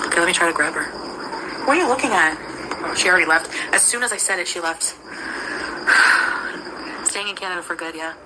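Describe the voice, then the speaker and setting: Woman streamer, low voice, loose chatty tone, heavy background noise. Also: expressive, a little fast, pauses often. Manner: chatty, answers chat names, teaches phrases. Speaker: live streamer. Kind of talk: casual live stream chat.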